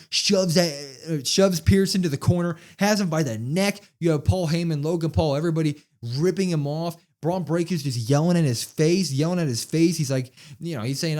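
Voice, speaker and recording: A young man co-hosting a podcast, giving an excitable, chuckling play-by-play recap of a show. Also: a little high. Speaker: wrestling podcast co-host.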